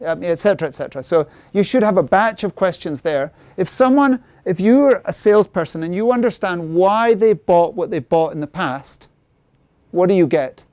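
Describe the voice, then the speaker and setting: A middle-aged man presenting a sales workshop who keeps checking in with the audience through quick tag questions. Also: high-pitched, expressive, darkish tone, no room sound. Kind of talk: interactive seminar talk.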